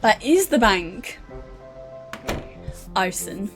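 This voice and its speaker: A woman's voice: mid-range voice, sing-song, very slow, a bit bright, soft background music. A British woman from the UK who streams games as a VTuber, chatting in a playful, joking, rambling way. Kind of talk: casual gameplay commentary.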